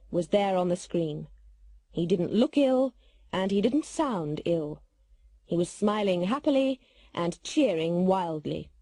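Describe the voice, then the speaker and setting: British female narrator for language lessons: clear, careful reading, mellow, husky, dry studio sound. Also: mid-range voice, no echo. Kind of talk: scripted textbook narration.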